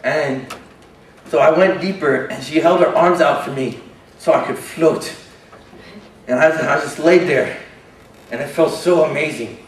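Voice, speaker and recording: An actor playing a shy, self-doubting young man with a disability, telling his story haltingly and earnestly in a stage monologue. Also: fairly high pitch, a little hiss or hum, close to an everyday voice. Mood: gentle. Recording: roomy hall from a distance.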